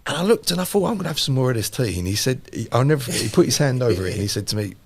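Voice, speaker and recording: A man, a podcast host telling a lively personal story in casual chat. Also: mid-range voice, rapid-fire, creaky, crowd noise. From London. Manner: animated anecdote teller, repeats phrases for emphasis.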